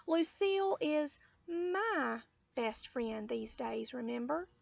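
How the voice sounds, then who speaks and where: A woman's voice: high-pitched, takes it slowly, gravelly, no room sound, full character voice. A woman voicing a plotting, dramatic little boy in a storybook reading. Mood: bossy. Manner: dramatic, plotting, drops to a whisper. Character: scheming little boy Sheldon. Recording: dull lo-fi audio.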